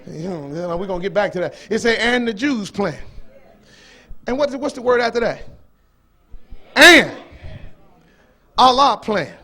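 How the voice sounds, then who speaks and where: A man preaching a fiery sermon, throwing questions to his listeners and rising into shouted bursts. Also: sits high, animated, moderate pace, pauses often. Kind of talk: fiery sermon with call-and-response.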